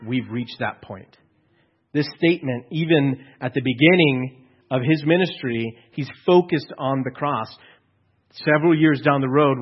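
A man's voice: mid-range voice, breathy edge, muffled recording. Man preaching a conversational sermon. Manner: conversational, acts out quotes with hushed asides. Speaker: pastor.

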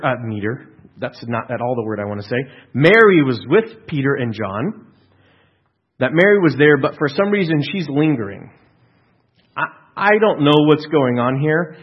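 Male pastor mid-sermon, emphatic, slightly raspy, muffled lo-fi sound. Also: medium pitch. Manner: earnest, emphatic with frequent restarts and rhetorical questions.

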